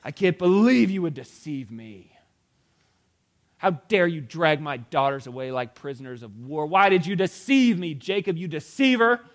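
A man voicing a furious, indignant older father-in-law with loud, theatrical outrage. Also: a little high, very animated, measured pace, few pauses, voice pushed up. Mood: outraged.

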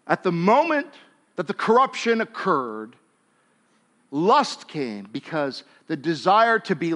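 A male pastor preaching a sermon in a conversational way, dropping to a hush and then rising to emphatic lines, and acting out biblical characters in casual speech. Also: on the high side. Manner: conversational, swings between hushed and emphatic.

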